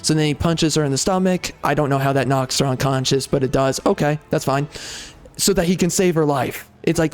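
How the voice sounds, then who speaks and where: Man, gaming commentary, slightly high pitch, rambling, emphatic, faint music underneath. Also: brisk. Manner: rambling and emphatic, many fillers and restarts. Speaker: gaming channel host. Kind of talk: opinionated game commentary.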